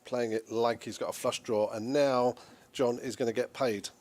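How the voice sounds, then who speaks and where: A man giving play-by-play poker commentary in a dry, measured way. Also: medium pitch, fairly even intonation, a little mellow.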